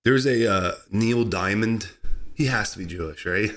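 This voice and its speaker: A man hosting a comedy podcast, talking sarcastically and excitably, laughing at his own jokes. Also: on the low side, a little slow, a little hiss or hum. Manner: sarcastic, excitable, mock-outraged asides. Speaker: podcast host.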